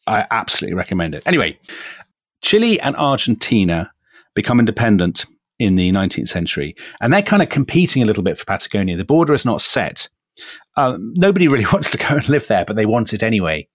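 An English co-host of a casual history podcast tells the story enthusiastically and fast, chuckling often and addressing his co-host by name. His voice is on the low side with big pitch swings, recorded in clean studio sound with no echo.

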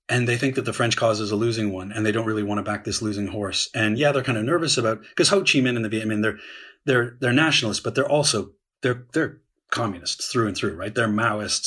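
A man's voice: fairly low pitch, a bit bright, husky. A man in a conversational discussion, explaining at length, often restarting sentences and using fillers. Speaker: historian guest.

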